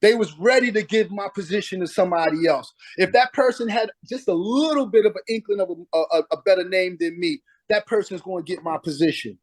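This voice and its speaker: A middle-aged man with a notably high voice tells stories from his playing days in a casual interview. He is emphatic and acts out what people said to him. The sound is dry and close. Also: fairly quick, few pauses, no echo. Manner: emphatic, acts out past conversations. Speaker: guest, former pro basketball player.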